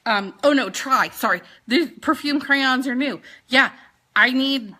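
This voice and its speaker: A woman, chatting casually through a product rundown with quick jokes and asides. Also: high-pitched, pushed and bright. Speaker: sales consultant presenting products.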